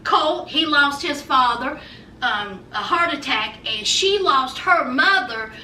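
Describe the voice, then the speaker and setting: A woman recaps reality TV in a sassy, animated chat, addressing her viewers directly. Her voice is high and very bright. She sits a little back from the mic in an echoey room with a faint hum of background noise. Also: slow, distant mic. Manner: sassy, animated storytelling, calls the viewer "child" and "honey". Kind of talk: casual chatty recap.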